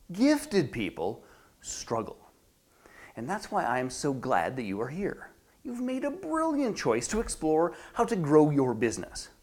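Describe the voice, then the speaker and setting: A middle-aged business coach giving an animated, theatrical promotional presentation straight to the listener. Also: mid-range voice. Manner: animated, theatrical, acts out quoted voices.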